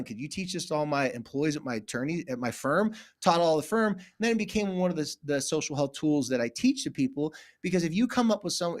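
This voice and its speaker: Animated storytelling man, higher voice. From California. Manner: acts out voices in anecdotes, emphatic. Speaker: therapist guest. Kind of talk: animated storytelling in a podcast interview.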